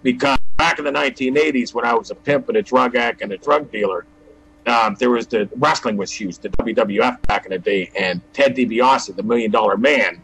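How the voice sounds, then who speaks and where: Here is a man with a husky, slightly rough voice, pitched in the middle range for a man. He tells a personal testimony in a storytelling style. He keeps switching into "I go, he goes" to replay old talks. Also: fairly quick, a bit bright, poor audio. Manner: acts out dialogue with "I go, he goes". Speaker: guest giving testimony.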